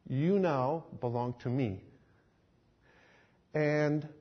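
A man voicing a calm, commanding Jesus, speaking low, hushed and solemn, in a sermon story. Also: drawn-out words, dull audio. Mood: tender, solemn.

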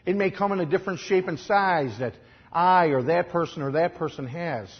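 A man with a Chicago accent preaching a sermon, telling stories in a conversational way and swinging from quiet asides to loud, emphatic lines. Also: fairly high pitch, moderate pace, muffled recording. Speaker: pastor.

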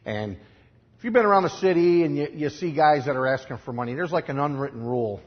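A man with a Chicago accent preaching a sermon, telling stories in a conversational way and swinging from quiet asides to loud, emphatic lines. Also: a little high, lively intonation, quick pace, lo-fi sound. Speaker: pastor.

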